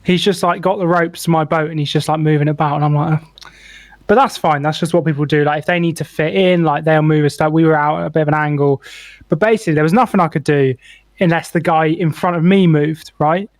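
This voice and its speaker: A young adult man co-hosting a podcast tells a rambling anecdote in a fast, high-pitched voice with no echo. It's casual chat, animated and full of swearing and constant use of "like."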